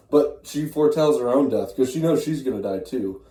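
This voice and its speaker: A man's voice: mid-range voice, expressive, brisk, mellow, echoey room. A man giving a rambling, crude comedic retelling of a classic play while chewing gum. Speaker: storyteller.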